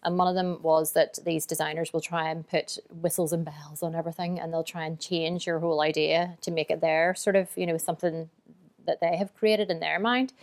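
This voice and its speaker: A woman's voice: low-pitched, level tone, brisk. A woman founder telling her story in a casual interview, chatty and open, often quoting her own thoughts. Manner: chatty and open, tells stories through quoted inner thoughts; self-described emotional. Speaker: business founder and guest.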